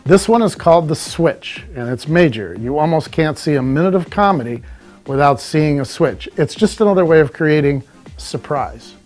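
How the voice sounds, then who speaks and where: A man teaching comedy technique in a measured, explanatory, scripted way. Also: on the high side, expressive, a little mellow, soft background music. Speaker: comedy instructor. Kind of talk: scripted instructional talk.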